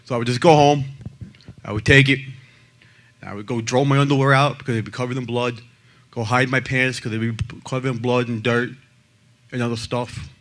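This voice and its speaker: A man speaks in blunt, emphatic personal testimony. His voice sits at an ordinary middle pitch. He pushes some lines out loudly and drops others to a near hush. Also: fairly even intonation, brisk, pauses often. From the Bronx, New York. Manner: blunt and emphatic, swinging between loud and hushed. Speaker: abuse survivor and advocate speaker.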